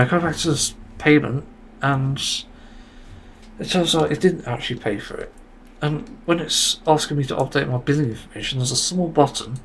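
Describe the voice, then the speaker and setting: Gravelly podcast host ranting with exasperation. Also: male voice, medium pitch, a bit bright, a little hiss or hum. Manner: exasperated, swearing. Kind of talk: solo podcast rant.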